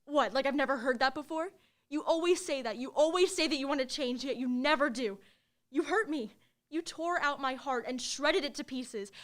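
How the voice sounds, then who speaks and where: A woman's voice: high voice, normal speed, natural voice. A young woman acting in a live reading of a new play, playing a hurt girlfriend who reproaches her partner and ends the relationship. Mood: reproachful. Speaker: stage actor in a play reading.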